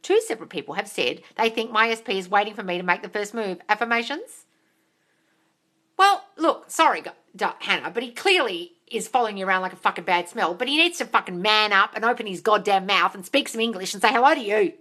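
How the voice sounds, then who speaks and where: Bright, gushing woman streaming live. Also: mid-range voice, fairly quick. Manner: excitable, gushing, swears casually, calls viewers darling. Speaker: manifestation coach and live-stream host. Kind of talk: live Q&A, reading viewer comments aloud.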